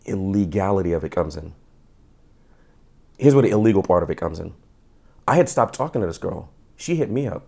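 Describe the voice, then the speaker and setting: A middle-aged man, a former police officer, telling his story as a podcast guest in casual, animated talk, acting out quotes with stammering restarts. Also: sits low, brisk, vocal fry, long pauses.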